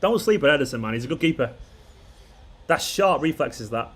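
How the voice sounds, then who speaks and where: A man's voice: on the high side, lively intonation, fairly quick, breathy edge. A man, hosting a casual football watchalong stream, rambling and chuckling as he talks. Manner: rambling, chuckling, restarts sentences. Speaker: football fan channel host. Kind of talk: casual live watchalong chat.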